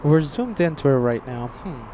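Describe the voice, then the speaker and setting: Streaming live from outside an airport, an American man chats casually and thanks the people watching. His voice is fairly high and warm, with lively intonation at a normal speed, while faint street and traffic noise can be heard.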